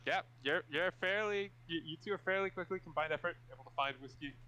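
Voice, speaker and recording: Man, game master, rambling narration, bright voice. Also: on the high side, fast, rough recording. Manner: rambling, repeats words as he narrates.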